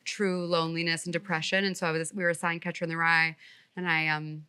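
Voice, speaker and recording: A woman's voice: low-pitched, level tone, fast talker, bright, forceful tone, smooth. A woman in her thirties from Texas, a guest chatting casually and joking at her own expense, with lots of "like". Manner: chatty, self-mocking, lots of "like". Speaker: guest, comedian. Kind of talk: casual chat.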